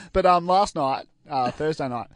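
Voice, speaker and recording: Giggly young Australian guy, higher voice. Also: slow, dry recording. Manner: giggly, rambling storyteller with many ums. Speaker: community radio co-host. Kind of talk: casual banter.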